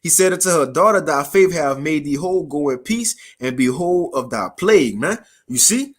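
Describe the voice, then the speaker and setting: A man preaching a casual street sermon, reading scripture slowly and formally, then explaining it in slang and checking in with his listeners. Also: a little high, expressive.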